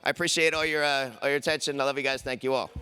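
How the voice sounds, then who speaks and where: A man's voice: mid-range voice, little pitch movement, rapid-fire, pushed and bright, smooth. A man doing a stand-up comedy set on a conference stage, chatting with the crowd and acting out quoted voices.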